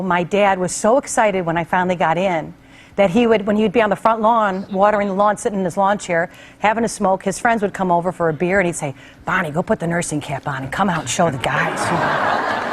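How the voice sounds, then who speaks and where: Speaking fairly quickly at medium pitch, a middle-aged woman talk show host shares a heartfelt personal story. She keeps it conversational and acts out the people she quotes with animated voices.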